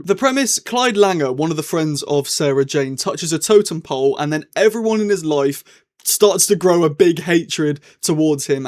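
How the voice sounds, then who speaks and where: A young man giving a casual, rambling TV review, his tone swinging up and down as he talks. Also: a little high. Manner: chatty and rambling, with lively swings in tone.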